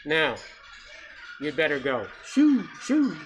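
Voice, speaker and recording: Reading a storybook aloud, a man takes on the voice of a stern, grumpy library owl, pitched a little higher and louder than his own. The owl sounds huffy, stretching words out like a hoot, with lively intonation and a slightly slow pace. The recording is rough, with faint music in the background.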